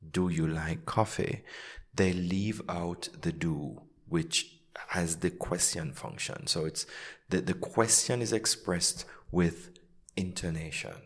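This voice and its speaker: A man with a very deep voice hosts a relaxed podcast chat as an English coach. He talks in a teacherly way, acting out short example sentences to make his points, and reassures his guest. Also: takes it slowly. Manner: explains with spoken example sentences. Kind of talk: casual interview.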